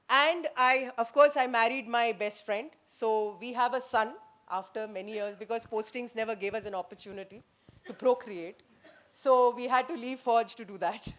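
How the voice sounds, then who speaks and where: A middle-aged woman with an Indian English accent shares stories from her years as an army officer at a leadership summit. Her voice sits a little high, and she narrates with lively, emphatic energy. She acts out quotes and drives her points home. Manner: lively storyteller who acts out quotes and slips into Hindi; emphatic, punchy declarations. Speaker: former army officer speaking on a panel. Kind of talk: anecdotal speech at a leadership summit.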